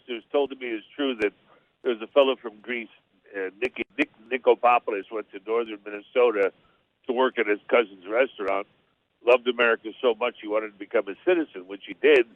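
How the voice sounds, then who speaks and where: A man, an actor guest, calling in by phone and telling anecdotes with halting restarts. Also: medium pitch, no echo. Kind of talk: casual interview storytelling. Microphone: phone call-in. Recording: tinny phone line.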